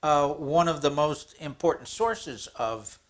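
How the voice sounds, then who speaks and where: A man's voice: fairly high pitch, a little slow. A man co-hosting a casual chat, mostly giving short agreements and dry quips. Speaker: co-host.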